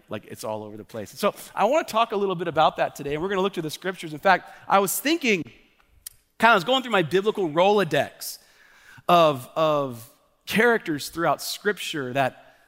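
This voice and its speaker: A man's voice: sits high, fairly bright tone. A man in his thirties, a pastor preaching a sermon in a church auditorium, telling a story casually with many fillers. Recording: long reverb of a large church hall.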